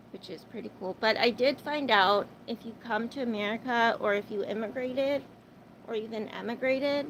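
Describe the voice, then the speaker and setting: A woman's voice: medium pitch, gravelly, fairly bright tone, slight background noise, poor audio. A young adult woman hosting a livestream, chatting casually and rambling with lots of fillers, her accent a mix of types of English. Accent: mixed English. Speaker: livestream host. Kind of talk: casual livestream chat with viewers.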